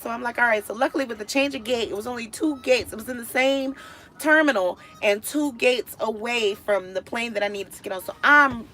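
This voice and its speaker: A woman on a live stream casually recounts a story to her viewers. She's animated, sinking into low mutters before bursting out loudly in exasperation.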